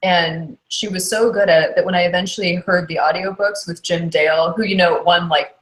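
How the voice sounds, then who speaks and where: A woman's voice: fairly low pitch, steady tone, brisk. A woman who narrates audiobooks talks in a chatty interview, with frequent fillers. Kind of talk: casual interview. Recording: roomy echo.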